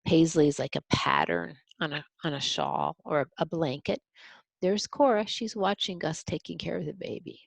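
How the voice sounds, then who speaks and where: A woman's voice: low-pitched, moderate pace, creaky, dry recording. A woman reading a picture book aloud to children, stopping to explain the pictures in simple words. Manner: explains the pictures to young listeners. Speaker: storybook reader.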